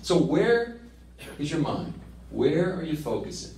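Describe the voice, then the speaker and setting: Man teaching an animated, joking book-study talk, voice on the high side, echoing room. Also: a little slow. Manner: chatty, animated, laughs at own jokes. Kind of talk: casual teaching commentary. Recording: roomy with faint ambience.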